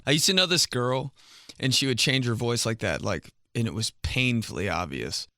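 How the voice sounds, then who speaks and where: A man's voice: mid-range voice, lively intonation, normal speed, pushed and bright, no room sound, studio quality. A young man hosting a casual comedy podcast, chatting animatedly, laughing often and slipping into mock voices. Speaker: podcast host.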